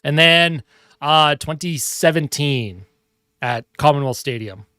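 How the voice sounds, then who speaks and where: A young man calls a hockey game for his live stream, excitable and chatty. His voice sits a little high. The sound is dry and close, with no room echo. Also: slow, clean tone. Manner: excitable calls that break off to coo at his cat. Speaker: fan streamer doing live play-by-play. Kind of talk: casual live play-by-play commentary. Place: home room at his monitor.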